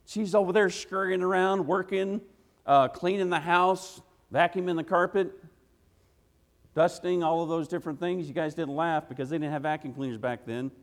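A man's voice: fairly high pitch, steady tone, normal speed. A man preaching an evening church sermon in a folksy, emphatic way, firing off rhetorical questions and punctuating his points with "hey.". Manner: folksy, drops into "gotta" and "ain't". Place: church sanctuary. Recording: long reverb of a church hall.

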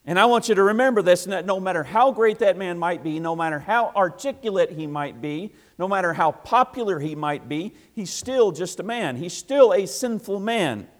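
A man preaching a sermon to a congregation, emphatic and repetitive, swinging between loud passages and hushed asides. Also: high-pitched, lively intonation, moderate pace, few pauses.

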